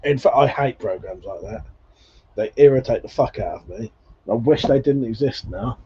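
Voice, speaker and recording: A man with a mid-range, slightly rough voice hosts a casual livestream at a normal speed, reading viewer comments, chatting, and swearing freely between laughs. The stream audio is dull and lo-fi.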